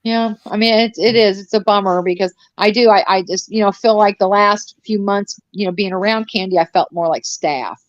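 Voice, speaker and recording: A middle-aged woman chatting on a live stream, rambling along with sarcastic asides and frequent restarts. Her audio is dull and lo-fi, with a dry, close sound and no room around it. She keeps a middle pitch throughout. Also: normal speed, few pauses, no echo. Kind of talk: casual live-stream chat.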